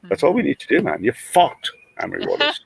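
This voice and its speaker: A man hosting a reaction stream, ranting in a profane, mocking, animated way. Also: mid-range voice, fast, gravelly, poor audio. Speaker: stream host. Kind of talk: reaction commentary.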